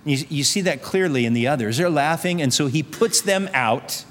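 Pressing his listeners with repetition and rhetorical questions, a male pastor preaches earnestly at normal speed. His voice runs on the high side with lively intonation, heard through the long reverb of a large hall.

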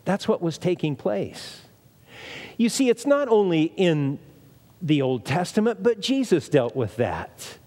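A man's voice: sits high, sing-song, a little slow, darkish tone. A man preaching a sermon in an emphatic way, repeating phrases and asking rhetorical questions. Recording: long reverb of a large hall.

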